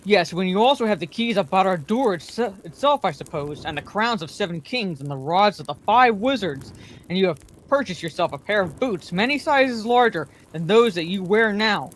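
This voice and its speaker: A woman reading aloud, voicing a proud old male wizard with a shrill, cold, sneering voice. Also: animated, moderate pace, a little hiss or hum, natural voice. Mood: raging. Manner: sneering, scornful.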